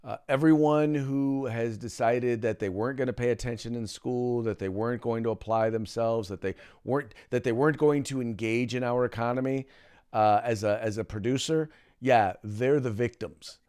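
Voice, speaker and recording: Emphatic man with a smooth voice. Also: medium pitch, moderate pace, a little mellow. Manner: emphatic, many "uh" fillers, restarts. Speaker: podcast host. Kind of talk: casual political commentary.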